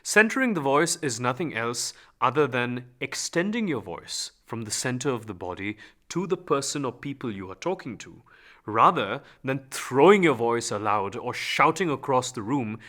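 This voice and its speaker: A man teaching a calm, guided voice lesson, giving instructions and demonstrating practice lines aloud. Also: medium pitch, normal speed. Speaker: voice and speech teacher.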